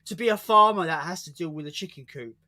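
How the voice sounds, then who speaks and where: Quick and sharp-toned, this slightly high male voice belongs to a British-accented co-host chatting casually on a stream. He swears freely, fumbles and repeats his words, and laughs mid-story.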